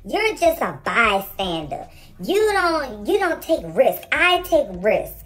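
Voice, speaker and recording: A woman's voice: sits high, very animated, slow pace, fairly bright tone, pitched above the performer's own voice, heavily acted. A woman voicing a whiny, self-pitying teenage girl who pleads shrilly, near tears. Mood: petulant.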